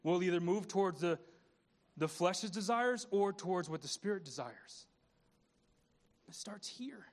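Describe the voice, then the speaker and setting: A man's voice: high voice, animated, unhurried, long pauses. A man pastor preaching a conversational sermon, repeating words and asking the congregation questions.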